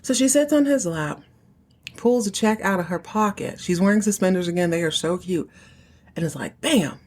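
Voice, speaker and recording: A woman hosts a casual recap podcast, her voice sitting a little low. She talks in a chatty way and drops playful asides into the story. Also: animated, moderate pace, a little mellow. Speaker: podcast host.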